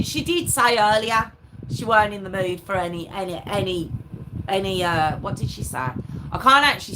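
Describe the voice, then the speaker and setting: A woman hosting a live stream, chatting casually with her viewers in a rambling, self-mocking way. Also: mid-range voice. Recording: clear background noise with clicks.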